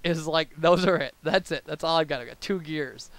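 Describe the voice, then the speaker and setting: High-voiced rambling young guy. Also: normal speed, few pauses, no room sound. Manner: rambling and babbling, lots of fillers and tangents. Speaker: let's play commentator. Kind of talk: casual post-commentary chat over gameplay.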